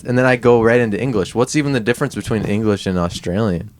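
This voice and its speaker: A man co-hosting a comedy podcast, halting and self-deprecating in casual chat. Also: on the low side, a little hiss or hum. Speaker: podcast co-host.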